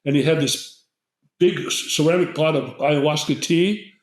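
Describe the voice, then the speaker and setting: An older male guest, an herbalist, tells a long story in conversation, full of fillers and restarts. His voice runs somewhat high and a bit slow, and the recording carries a roomy echo.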